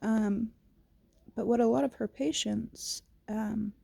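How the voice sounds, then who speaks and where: A woman's voice: fairly high pitch, fairly even intonation, creaky, mellow, a little hiss or hum. A woman vlogging casually to camera, reflective and candid, with a fresh-from-sleep morning voice. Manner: slow, reflective, casual with swearing.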